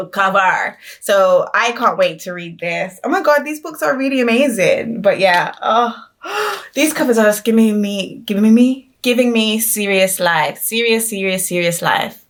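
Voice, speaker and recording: A woman's voice: mid-range voice, fairly bright tone. A young woman in her twenties chatting casually through a book unboxing vlog, trailing off with frequent ums and restarting her sentences. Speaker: book vlogger. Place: at home.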